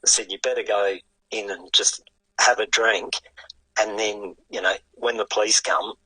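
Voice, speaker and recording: An older man with an Australian accent, a guest telling a story in a lively, casual way and swearing freely. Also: fairly low pitch, moderate pace, husky, no echo, rough recording. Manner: animated yarn-spinning with casual swearing. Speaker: guest, retired sidecarcross racer.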